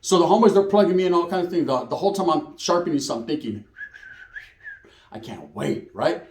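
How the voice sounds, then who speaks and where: A man's voice: high voice, lively intonation, racing, a little mellow, echoey room. A man telling a prison story in casual slangy street talk with Spanish words, acting out the other people's lines.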